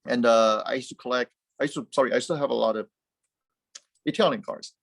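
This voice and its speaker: Animated man, dry close sound. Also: medium pitch, brisk, vocal fry, no room sound. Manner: animated, rambling with frequent restarts and repeated words. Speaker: guest, car company founder. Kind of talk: casual interview chat.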